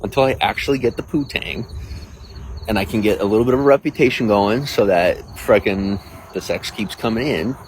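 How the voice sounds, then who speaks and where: A man's voice: fairly low pitch, a little hiss or hum, rough recording. A man livestreaming, chatting casually with viewers and reading out their comments in a crude, boastful, rambling way.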